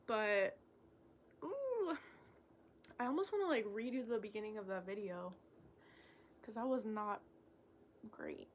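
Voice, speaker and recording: A young woman making a casual vlog, talking in a halting, candid way with lots of fillers and self-corrections. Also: medium pitch, expressive, slight background noise. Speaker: vlogger. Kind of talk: rambling stream-of-consciousness vlog.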